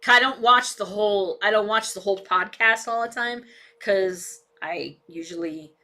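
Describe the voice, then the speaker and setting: A woman's voice: medium pitch, moderate pace, bright, forceful tone. A woman live-streaming casual commentary from a cluttered home room on a desk mic, blunt and swearing often. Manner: blunt, heavy swearing, talks back to her dog. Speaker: political live-stream vlogger. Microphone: desk microphone with camera. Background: dog barking and moving.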